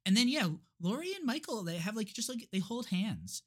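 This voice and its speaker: Man, podcast co-host, rambling plot retelling, frequent restarts, bright tone. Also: sits high, very animated, normal speed. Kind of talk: casual movie recap chat.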